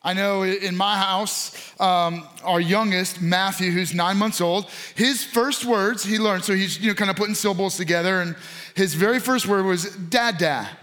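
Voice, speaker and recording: High-voiced man preaching in a chatty way. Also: fairly even intonation, normal speed, pushed and bright. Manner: casual storytelling with acted quotes. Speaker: pastor. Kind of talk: sermon.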